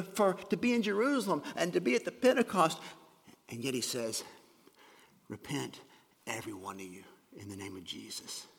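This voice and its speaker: Earnest male pastor preaching in a reverberant hall. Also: a little high. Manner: earnest, repeats words, swings from loud emphasis to quiet drops. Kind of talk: sermon.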